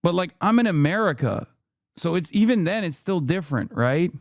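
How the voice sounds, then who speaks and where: A man's voice: high voice, animated, normal speed, dry recording, clean studio sound. A man in his thirties giving live-stream reaction commentary, ranting in a profane, incredulous way with sarcastic asides. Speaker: streamer reacting to clips and chat.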